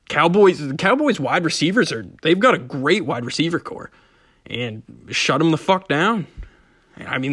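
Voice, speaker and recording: A man's voice: a little high, no echo, clean studio sound. A young man hosting a casual solo sports betting podcast, ranting profanely and mocking himself. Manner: profane, self-mocking, animated rants. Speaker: podcast host.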